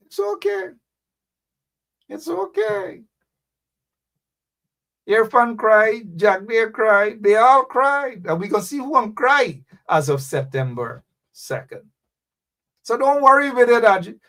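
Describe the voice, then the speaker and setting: A man hosting live political talk radio, reading out viewer comments and urging listeners with repeated phrases. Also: sits high. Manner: animated, preachy, calls out names, repeats phrases for emphasis. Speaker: radio show host.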